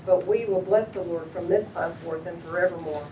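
A woman reading scripture aloud with an earnest, steady delivery during a church service. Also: lowish voice, a little fast, distant mic, a little hiss or hum. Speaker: scripture reader. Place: church sanctuary. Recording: roomy church hall, away from mic.

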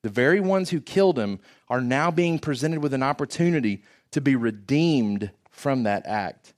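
A man's voice: mid-range voice, animated, normal speed. A man preaching a sermon in an earnest, emphatic way, often asking rhetorical questions.

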